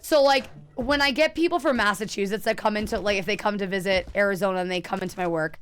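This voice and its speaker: Woman streamer, smooth clear voice, mid pitch, chatty and thinking out loud to chat. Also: fast. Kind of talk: casual live-stream chat while gaming.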